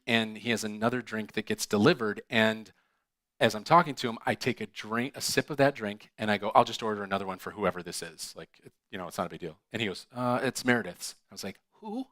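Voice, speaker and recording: A male pastor telling a personal story in a sermon, animated and acting out the dialogue with laughs. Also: on the low side, brisk, no room sound. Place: church.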